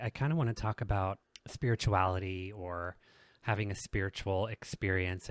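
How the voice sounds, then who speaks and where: Deep-voiced calm male podcast host. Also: no echo. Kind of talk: podcast interview.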